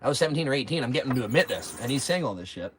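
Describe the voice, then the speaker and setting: Fast-talking brash man. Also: mid-range voice, expressive, slight background noise. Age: 40s. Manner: brash, profane, rapid rambling with asides. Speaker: livestream host. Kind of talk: casual storytelling chat.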